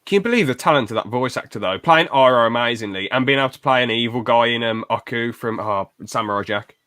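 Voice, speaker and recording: A man co-hosts a casual podcast, chatting keenly and tossing in short quoted asides. His voice sits at an ordinary middle pitch. The recording is dry and close, with no room sound. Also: bright, forceful tone, no echo. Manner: chatty, enthusiastic, quick asides with brief put-on quotes. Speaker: podcast co-host. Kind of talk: casual chat.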